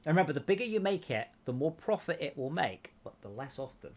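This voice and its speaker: A man's voice: a little high, sing-song, fast, darkish tone. A man hosting a game stream, casually talking other players through each step. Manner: instructive, talks players through steps. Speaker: stream host guiding players. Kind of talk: casual gaming chat.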